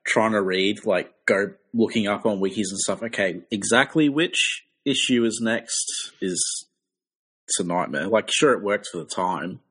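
A man in a casual podcast chat, speaking in a relaxed, hesitant way with fillers. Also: fairly low pitch, unhurried, husky.

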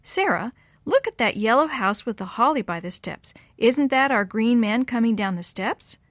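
A woman's voice: medium pitch, expressive, normal speed, fairly bright tone, no room sound, clean studio sound, close to an everyday voice. A woman reading as Colette, an eager young girl. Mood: chatty. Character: thirteen-year-old girl, chatty and eager.

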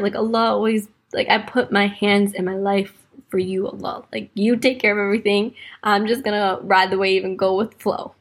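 A woman hosting a podcast, talking casually about faith and her own story with lots of "like" fillers, slowing down on key points. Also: medium pitch, little pitch movement, breathy edge. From United States, raised in Wisconsin. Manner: chatty, fills speech with "like", slows to stress points. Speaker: podcast host.

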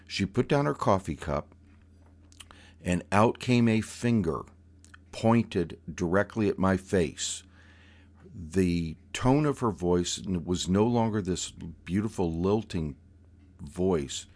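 A man telling a personal story in a measured, unhurried way, with pauses and small restarts. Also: sits low, darkish tone.

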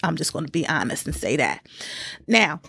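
A woman in her thirties telling a casual, slangy story, her pitch jumping up high whenever she quotes someone. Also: moderate pace, vocal fry, husky, no echo, studio quality. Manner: lively slangy storytelling with big pitch jumps when quoting. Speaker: vlogger.

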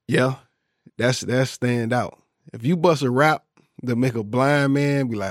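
Southern Florida man, podcast host, easygoing slangy patter, mid-pitched voice, dry close sound. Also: normal speed, dry recording. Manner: laid-back slangy banter, laughs often. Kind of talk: casual solo podcast commentary.

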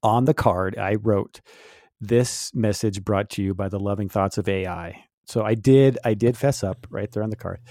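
A man in his fifties, co-hosting a podcast, telling a story in lively casual chat and laughing often. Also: fairly low pitch, normal speed, dry recording, studio quality. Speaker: podcast co-host.

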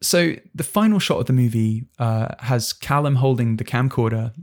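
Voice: mid-range voice, lively intonation, normal speed, a little mellow. Interviewer, casual, curious, friendly questions. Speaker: podcast interviewer.

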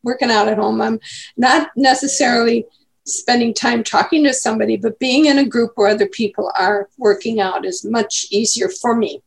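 Chatty grandmother in her eighties, gravelly. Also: on the high side, moderate pace. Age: 80s. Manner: chatty, rambling storyteller. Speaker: guest grandmother. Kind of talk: casual interview chat.

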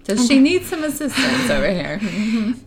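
A woman's voice: fairly high pitch, sing-song, normal speed. A young woman co-hosting a casual chat, teasing her friend and laughing through dry asides. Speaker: podcast co-host.

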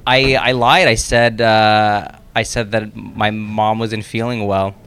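A man's voice: fairly low pitch, slow pace, a little hiss or hum. A man chatting casually as a podcast host, telling a story with frequent laughter and restarts. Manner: animated storyteller, laughs often, many restarts. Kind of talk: casual chat.

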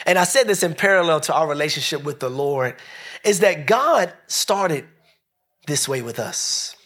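A pastor preaching a sermon at a church service, talking with the congregation in a conversational, animated way and swinging between loud and soft. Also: male voice, on the high side, moderate pace.

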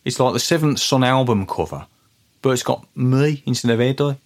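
A man hosting a comic podcast, talking in a deadpan, hesitant, rambling way. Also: medium pitch, normal speed. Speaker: podcast host.

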